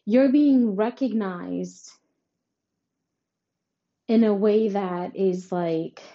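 Slow, mellow-voiced woman giving a horoscope reading. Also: mid-range voice, lo-fi sound. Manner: repeats "right?" often, reassuring and emphatic. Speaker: astrology reader. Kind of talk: tarot-style horoscope reading to camera.

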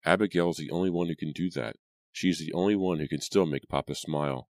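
A man voicing a dutiful, timid teenage farm son in an audiobook, soft and obedient. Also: rumbling low, fairly quick, no room sound, studio quality. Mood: meek.

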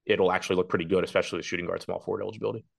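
Low and steady, this man's voice has a creaky, breathy edge. He co-hosts a fantasy basketball podcast, thinking aloud in a rapid, analytical way as he breaks down player ownership and projections. The talk is casual sports betting chat.

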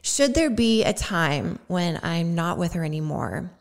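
Heartfelt young woman, lower voice. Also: expressive, a little slow. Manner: heartfelt, tearful at moments, laughing through emotion. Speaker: podcast host. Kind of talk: personal reflective monologue.

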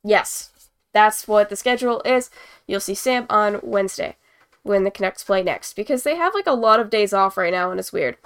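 A woman's voice: mid-range voice, animated, normal speed, clean tone. A young woman hosting a casual live-stream hockey chat, rambling and giggly while she paints as she talks. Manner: rambling, giggly, self-deprecating. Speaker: host.

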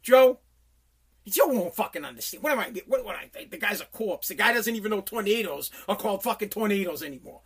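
High-voiced man on a profane rant. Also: animated, brisk, fairly bright tone, breathy edge. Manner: heated, profane, ranting. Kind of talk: political rant monologue.

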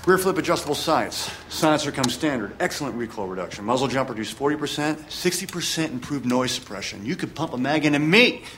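A man playing a mumbling arms dealer pitching a gun. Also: lively intonation, fast talker, few pauses, a bit bright, slight background noise, lightly acted. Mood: deadpan pitch. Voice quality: mumbling, muddy, unenthused delivery. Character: smooth male arms dealer pitching a pistol. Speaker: film voiceover of a gun salesman. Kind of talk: film voiceover.

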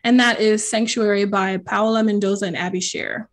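A woman's voice: mid-range voice, fairly even intonation, normal speed. Chatty woman podcast host. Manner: chatty, many fillers and restarts. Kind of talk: casual book podcast chat.

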